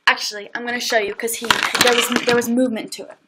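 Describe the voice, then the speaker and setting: A woman's voice: fairly high pitch, sharp tone, slight background noise. Chatty young woman telling a story. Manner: chatty, quick, acts out quotes, many fillers. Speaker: livestream host. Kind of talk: casual storytelling on a livestream.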